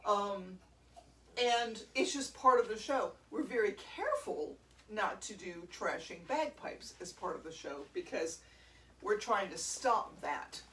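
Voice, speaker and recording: A woman's voice: medium pitch, expressive, unhurried, fairly bright tone, distant mic, slight background noise. A woman who plays drums in a band, chatting on a casual livestream, laughing often and rambling through stories. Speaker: drummer and show host. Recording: roomy sound from away from the mic.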